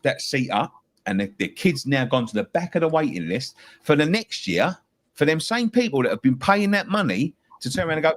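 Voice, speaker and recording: A man's voice: a little high, big pitch swings, fairly quick. A middle-aged man from England, a football fan talking passionately, swearing and repeating himself. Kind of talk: heated fan-show chat.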